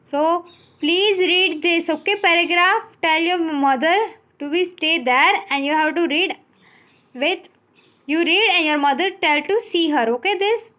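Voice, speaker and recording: High-voiced Indian woman teaching English. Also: bright, forceful tone. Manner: explains words slowly, spells them out letter by letter. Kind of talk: recorded online English lesson.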